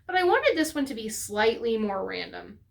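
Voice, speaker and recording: A woman's voice: on the high side, very animated, moderate pace, gravelly. A woman hosting a knitting podcast, chatting casually and rambling with many fillers and self-corrections. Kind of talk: casual chat to camera.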